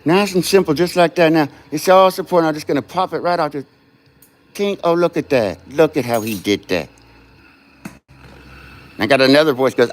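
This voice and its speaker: A glassblowing livestreamer chats casually with viewers while demonstrating his craft live, cursing as he goes. His voice is a little high and moves at normal speed with frequent pauses. He rambles, swears, and keeps getting distracted by his own thoughts.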